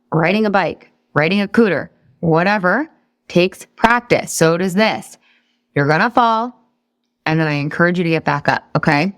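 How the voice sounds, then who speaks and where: This woman's voice sits on the low side, captured at studio quality with no echo. In her thirties, she coaches a live weight-loss class, chatting encouragingly, quizzing the group, and laughing when she gets sidetracked.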